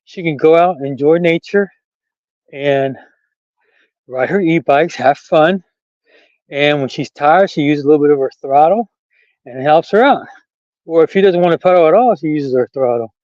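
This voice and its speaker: A chatty, rambling man talks into his camera while out on a country trail. His voice sits a little high for a man and laughs come easily. The sound is dull and lo-fi, dry and close, with no room around it. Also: normal speed, long pauses, darkish tone, dry recording. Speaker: vlogger. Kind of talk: casual walking vlog. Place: outdoors on a rural trail.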